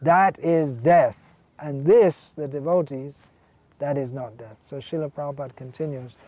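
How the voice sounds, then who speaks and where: Earnest, fairly high-voiced male preacher. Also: measured pace, mellow, no echo. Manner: earnest, emphatic, repeats key words, reads out quotations. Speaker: monk lecturing on scripture. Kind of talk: sermon.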